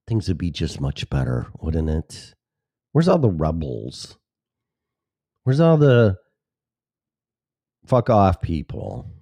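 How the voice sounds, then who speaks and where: Man, talk show host, from Chicago suburbs, sarcastic, profane, rambling, lively pitch, dry. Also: slow pace, creaky, pauses often, breathy edge, no echo. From Chicago suburbs, Illinois. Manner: sarcastic, profane, self-interrupting. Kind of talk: solo rambling monologue.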